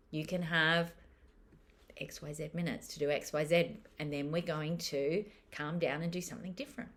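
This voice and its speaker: A middle-aged woman who teaches parenting, explaining a step-by-step technique to camera in a calm, gentle, measured way. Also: low-pitched. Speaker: parenting educator.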